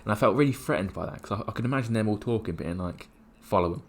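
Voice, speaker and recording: Casual male co-host, quick talker with a low-leaning voice, rambles through stories. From England. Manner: animated, rambling anecdotes with many restarts. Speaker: podcast co-host. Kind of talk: casual storytelling chat.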